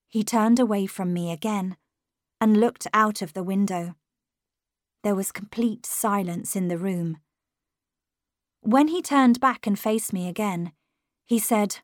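A woman narrating a storybook in a measured, gentle way. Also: mid-range voice, dry recording, clean studio sound. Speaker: reader.

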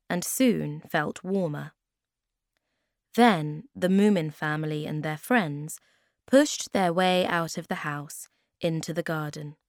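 A woman reading a children's story aloud at a slow, clear, even pace. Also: fairly low pitch, no room sound, clean studio sound.

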